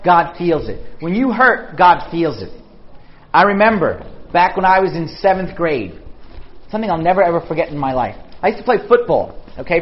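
A young adult man giving a lively, conversational sermon to young people. He tells animated stories and keeps checking in with his listeners by asking "okay?". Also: high voice. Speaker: pastor. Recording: dull lo-fi sound.

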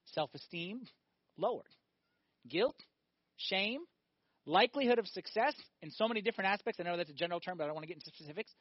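A male priest giving a sermon, animated, firing off rhetorical questions and acting out little scenes. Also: sits high, fast talker, long pauses, no echo, highs cut off.

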